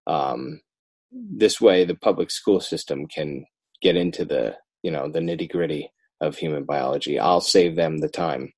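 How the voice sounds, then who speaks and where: Deep-voiced man, animated and dry. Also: a little slow, slightly rough, dry recording. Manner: animated, self-interrupting, rising emphasis. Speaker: children's book author, guest. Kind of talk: casual interview talk.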